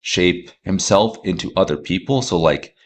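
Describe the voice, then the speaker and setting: A man's voice: low-pitched, moderate pace. A man hosting a podcast, talking casually and enthusiastically with lots of fillers and restarts. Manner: rambling, filler-heavy, enthusiastic. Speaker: podcast host.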